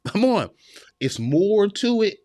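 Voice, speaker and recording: A man's voice: high voice, very animated, slow, a little mellow, dry recording. A man in his thirties hosting a podcast livestream, giving earnest, preachy advice to men and repeating his points. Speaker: podcast host. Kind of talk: livestream motivational talk.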